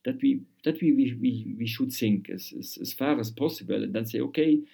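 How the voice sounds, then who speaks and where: Man, interview guest, halting and repetitive, warm dark tone. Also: medium pitch, creaky, slightly rough. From Luxembourg. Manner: halting, repeats words while searching for phrasing. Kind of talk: conversational interview.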